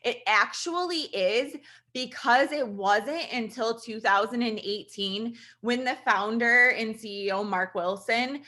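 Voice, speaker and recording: Bright-voiced chatty woman giving a testimonial. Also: on the high side, unhurried. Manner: earnest, chatty, fillers like "like" and "you guys". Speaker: registered nurse sharing a testimonial. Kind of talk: casual personal testimonial to an audience.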